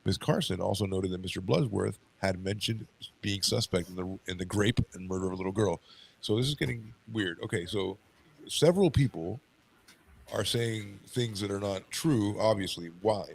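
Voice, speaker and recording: Low gravelly man with a stuffy nose. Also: moderate pace, low-quality recording. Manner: reads case notes, stumbles over words, breaks off to chat. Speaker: podcast co-host. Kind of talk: casual podcast commentary, reading notes aloud.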